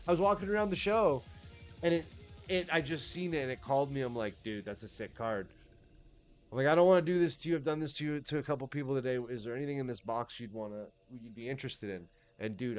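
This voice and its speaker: A man chatting casually on a livestream, laid-back and swearing freely, often restarting his sentences. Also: mid-range voice. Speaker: streamer.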